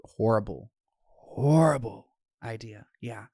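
A young man casually telling a profane, animated personal story. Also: fairly low pitch, slow, creaky, dry recording, clean studio sound. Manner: profane, animated, acts out quoted voices.

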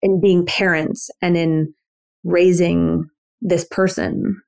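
A woman's voice: on the low side, flat delivery, takes it slowly, gravelly, a little mellow. A pregnant woman in her thirties, a podcast guest, talking in a reflective, laid-back way with many fillers. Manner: reflective, laid-back, lots of "you know". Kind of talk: casual chat.

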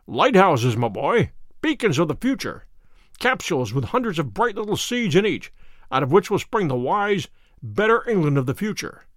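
A man voicing Sherlock Holmes, a musing, brisk male detective, in a dry read story. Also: on the high side, very animated, no echo. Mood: reflective.

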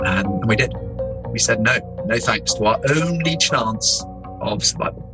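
A man from England, an explorer, telling an adventure story in a lively, anecdotal way and slipping into other people's voices. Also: on the low side, moderate pace, over music, low-quality recording. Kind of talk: animated storytelling interview.

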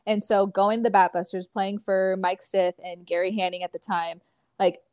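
A woman in her twenties from California, an athlete chatting casually as an interview guest, talking in animated stories full of fillers. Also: mid-range voice, moderate pace, clear, resonant tone, no room sound, clean studio sound.

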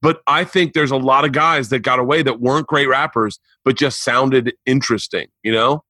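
A man's voice: medium pitch, normal speed, pushed and bright, dry recording. A man hosting a podcast, talking loosely and asking curious questions, swearing now and then in casual chat. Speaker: podcast host.

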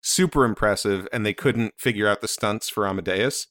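A man co-hosting a casual podcast, dropping deadpan jokes. His voice sits low but sounds bright. The sound is dry and close. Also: normal speed, dry recording. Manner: deadpan joking. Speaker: podcast co-host. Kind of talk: casual comedic chat.

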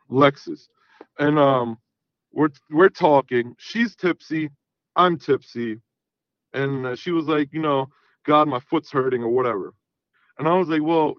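A man's voice: medium pitch, dry recording. A man telling a story casually on a podcast, swearing freely and acting out the dialogue. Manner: profane, animated, acts out quoted dialogue. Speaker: podcast guest. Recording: dull, dry sound.

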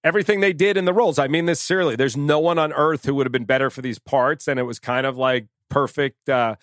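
A middle-aged man hosting a casual podcast chat, talking excitedly, repeating and restarting his words and laughing often. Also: medium pitch, fast, no room sound, clean studio sound. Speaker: podcast host.

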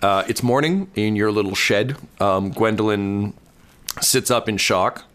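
A man runs a tabletop game as its game master, his voice very low and smooth. He narrates a dreamlike scene slowly, pausing often with ums and uhs. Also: a bit bright. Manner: halting, many ums and uhs.

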